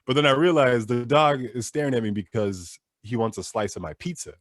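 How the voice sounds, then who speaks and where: A man's voice: medium pitch, brisk, no echo, clean studio sound. A young man doing a seated stand-up set, telling a loose, profane story and laughing at his own jokes. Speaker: stand-up comedian.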